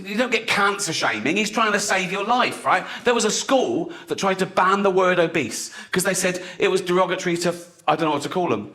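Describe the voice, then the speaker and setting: A man's voice: high voice, a little hiss or hum. An English man in his sixties doing a stand-up set on stage, brash and mocking, often laughing at his own lines. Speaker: stand-up comedian. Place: large theatre with a live audience. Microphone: stage microphone. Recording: live stand-up with loud audience laughter. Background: audience laughter.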